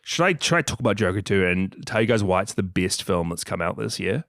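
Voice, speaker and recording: A man's voice: low-pitched, animated, quick pace, gravelly, fairly bright tone, no room sound, studio quality. A young man with a New Zealand accent co-hosting a podcast, chatting casually and giving enthusiastic movie opinions. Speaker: podcast co-host. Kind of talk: casual chat.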